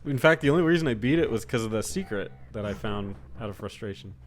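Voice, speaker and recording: A man's voice: fairly low pitch, expressive, quick pace. A young man co-hosting a podcast, talking about video games in a laid-back, candid way. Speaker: podcast co-host. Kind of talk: casual gaming chat.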